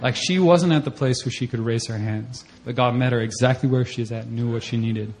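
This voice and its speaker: A young man giving a personal testimony at a church service, telling the story in a conversational way and acting out his own reactions in a voice that jumps up high. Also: brisk, darkish tone, a little hiss or hum. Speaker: church member giving a mission-trip testimony.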